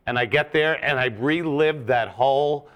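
A bright, forceful man telling stories as a podcast guest. He is an animated comedian who keeps breaking into shouted, high-pitched impressions of hecklers. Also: normal speed, clean tone. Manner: animated storyteller, jumps into loud high-pitched crowd impressions. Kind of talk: casual storytelling on a podcast.

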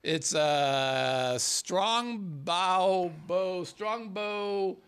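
A man's voice: very slow, smooth. A man hosting a casual comedic podcast, joking with his co-host and laughing often. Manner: joking, laughs often, lively swings in pitch. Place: Las Vegas.

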